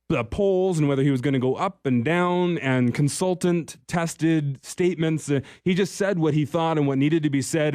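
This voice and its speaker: A man's voice: on the high side, darkish tone, dry recording, clean studio sound. A man hosting a political talk radio show, speaking in a conversational, emphatic way with occasional restarts.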